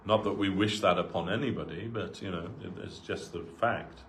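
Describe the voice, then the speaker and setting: Low-voiced man telling sermon stories. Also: normal speed, a little hiss or hum. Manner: conversational, full of asides, acts out quoted voices. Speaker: devotee giving a talk. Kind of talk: sermon told as personal anecdotes. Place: temple hall.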